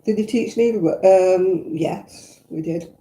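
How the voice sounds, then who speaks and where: A woman's voice: fairly low pitch, measured pace, mellow. An older woman with a Northern English accent, chatting casually and reminiscing while answering viewer comments, with blunt asides. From Northern England. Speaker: vlogger host. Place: indoors at home. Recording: echoey room.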